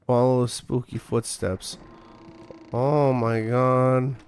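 A man's voice: mid-range voice, level tone, extremely slow, darkish tone, slight background noise. A man streaming a horror game, commenting with sarcastic, profane jokes. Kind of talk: casual gameplay commentary.

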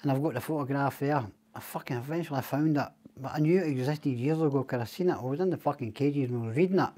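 A man's voice: mid-range voice, quick pace, mellow. Scottish man, rambling profane storyteller. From Scotland. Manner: rambling, swears a lot. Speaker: podcast guest. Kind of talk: casual storytelling chat.

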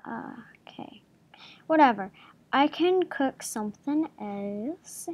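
Woman, gaming host, slow, giggly, playful gameplay commentary, talks to game creatures. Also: sits high, expressive, no echo.

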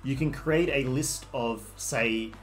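A man with an Australian accent streams a game casually, rambling as he greets viewers and answers their chat messages. His voice is medium-pitched and slow, picked up by a desktop microphone with faint music in the background.

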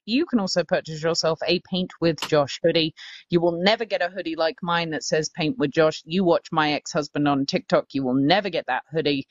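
A woman's voice: fairly low pitch, no echo, highs cut off. A woman co-hosting a casual livestream, plugging merch in a playful, teasing sales patter. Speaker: co-host promoting merch.

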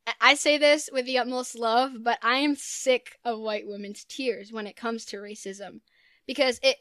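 A woman's voice: fairly high pitch, fairly bright tone, clean tone, no echo, clean studio sound. A young woman talking earnestly as a podcast guest, with frequent "like" fillers. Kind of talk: casual podcast chat.

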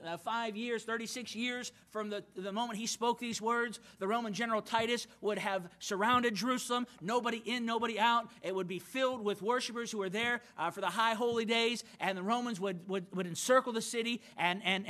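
Man, pastor, sermon, bright sharp voice, earnest, repeats and restarts. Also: sits high. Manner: earnest preaching with frequent repeated words and restarts. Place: church auditorium.

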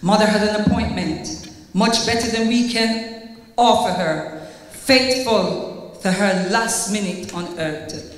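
A woman's voice: medium pitch, slow. Older Jamaican woman, tearful, delivering an earnest eulogy with scripture in a lilting church cadence, long hall reverb. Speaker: funeral tribute speaker. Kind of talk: heartfelt eulogy with scripture reading. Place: church at a funeral service.

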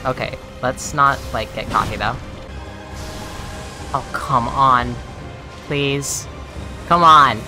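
Speaking slowly with long pauses in a rumbling low voice, a woman streamer reacts to her own gameplay over game music. She swears, sounds exasperated, addresses viewers, and shouts and shrieks on dying.

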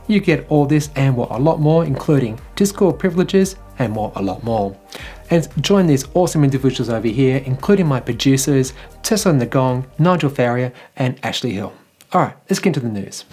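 A man's voice: on the high side, darkish tone, slightly rough. An Australian man hosting a casual electric vehicle news vlog, chatty and jokey with enthusiastic asides.

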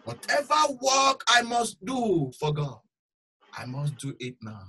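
A bright, high-voiced man preaching. He moves between loud, urgent exhortation and quiet, low asides. His tone stays sharp and forceful throughout. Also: huge pitch swings, takes it slowly, breathy edge, poor audio. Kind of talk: sermon.

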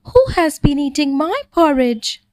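A grumbling mother bear from a bedtime storybook, voiced by a woman reading aloud, slow and displeased. The voice moves lively up and down, and the recording is dry. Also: sits high, no echo, voice pushed up.

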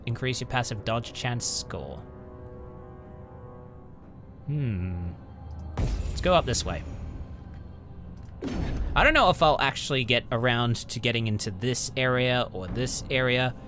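A man talking his way through a game at his home computer, in casual let's-play commentary. He chats along and reads item stats aloud as he goes. Game music plays clearly behind his voice. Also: medium pitch, expressive, unhurried, pauses often. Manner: chatty, reads out item stats, mutters at enemies. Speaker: gaming channel host.

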